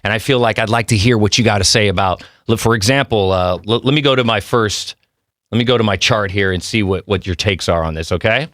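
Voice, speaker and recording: A man's voice: on the low side, fairly quick, a bit bright, no echo, studio quality. A man hosting a podcast interview, playful and eager, joking with his guests. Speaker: podcast host. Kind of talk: casual interview chat.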